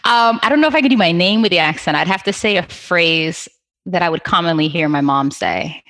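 A woman's voice: fairly low pitch, a little fast, fairly bright tone. A woman being interviewed as a podcast guest, giggly and easygoing in casual conversation.

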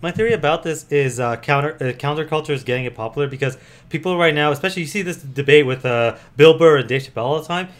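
A man co-hosting a casual podcast, blunt and quick to swear. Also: on the high side. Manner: blunt, swears freely, fast. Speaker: podcast co-host. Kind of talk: casual chat.

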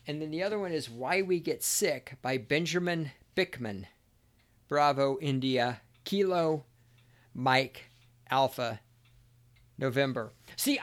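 A man hosting a solo podcast, ranting angrily with constant swearing and sometimes shouting. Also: on the high side. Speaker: podcast host.

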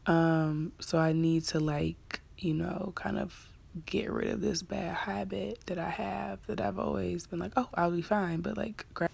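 A young woman in her twenties hosts a solo podcast in a relaxed, candid way. Her voice sits a little low and carries a steady gravelly fry. She leans on fillers and now and then sinks into a soft half-whisper. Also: measured pace. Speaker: podcast host; graduate student. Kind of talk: casual solo podcast chat.

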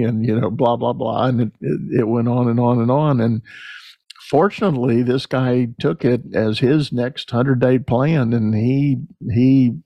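A man's voice: mid-range voice, steady tone, a little slow, gravelly, no echo, dull audio. A middle-aged man hosting a podcast, chatting conversationally and telling stories with acted-out quotes. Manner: storytelling, acts out quoted voices. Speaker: podcast host. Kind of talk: conversational interview.

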